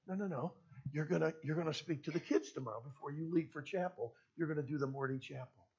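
A man's voice: on the high side, quick pace, vocal fry, a little mellow, husky. A man voicing a firm, pushy adult male friend, on a dull lo-fi recording. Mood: insistent.

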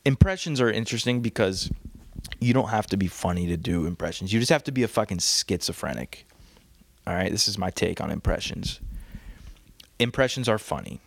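A man with a low, gravelly voice hosts a casual solo podcast, rambling and crude, often laughing at his own jokes. His voice is recorded close and dry, with no room sound around it. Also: animated, brisk, no echo. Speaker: podcast host. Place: home, on a couch.

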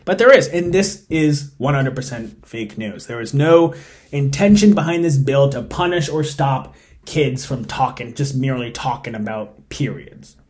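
A man hosting a solo podcast, giving emphatic, opinionated commentary that swings between loud stressed points and quiet asides. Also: medium pitch, a little slow. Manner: suppressing laughter while reading. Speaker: podcast host.

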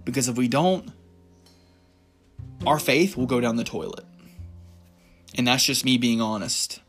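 A Christian encouragement speaker gives an informal devotional talk at a measured pace, reading Bible verses, rambling a little and laughing at himself. His voice is medium-pitched, with faint music playing behind him.

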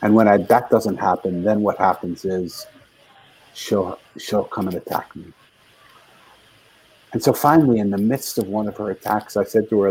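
A man's voice: lowish voice, a little fast, a little mellow, husky, poor audio. An older man, a guest author, telling a heartfelt story in an interview with earnest, building intensity.

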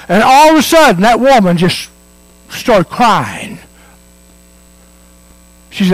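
A man preaching an earnest sermon, pressing his points again and again. His voice sits high and swings widely in pitch. The sound is dry and close, with little room echo. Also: sing-song, takes it slowly, long pauses. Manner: earnest, repetitive emphatic preaching with storytelling. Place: church.

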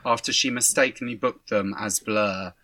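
Guy cohosting a podcast, bright voice, dry close mic, keeps tripping over his words. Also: lowish voice, fairly even intonation, normal speed, dry recording. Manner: chatty, laughs often, stumbles and repeats words. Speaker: podcast co-host. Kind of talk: casual chat.

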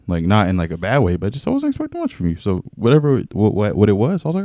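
A young man chatting casually on a podcast, telling an animated story full of slang and frequent laughs. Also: deep voice, fast, no echo. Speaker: podcast co-host. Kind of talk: casual chat.

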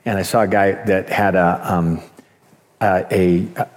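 A middle-aged man giving a conference talk, telling lively stories and acting out voices, with many restarts. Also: sits low, unhurried. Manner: animated storytelling, acts out voices, many restarts. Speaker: conference speaker. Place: conference hall. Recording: long hall reverb.

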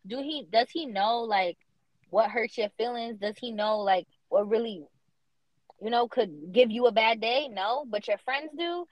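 A woman's voice: fairly high pitch, a little slow, no room sound. Young woman, podcast co-host: casual, emphatic, slangy; dull lo-fi audio. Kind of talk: casual chat.

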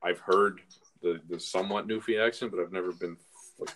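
A man's voice: low-pitched, steady tone, brisk, a bit bright, a little hiss or hum. A Canadian man hosting a casual podcast, rambling through stories with filler words. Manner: rambling, many fillers and restarts, chuckles. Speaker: podcast host. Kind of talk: casual chat.

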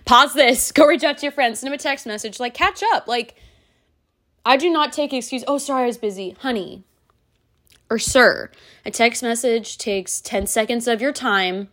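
A woman's voice: fairly high pitch, normal speed, a bit bright. A woman in her thirties hosting a solo podcast, talking bluntly and candidly straight to the listener. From United States. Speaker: podcast host.

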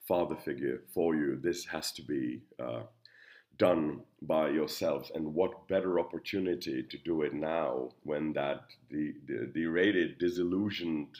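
Middle-aged Czech-accented male commentator, extremely low voice, earnest and halting delivery. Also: darkish tone. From Czech Republic. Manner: earnest, halting, with frequent restarts. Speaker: lecturer and commentator. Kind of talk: reflective spoken commentary.

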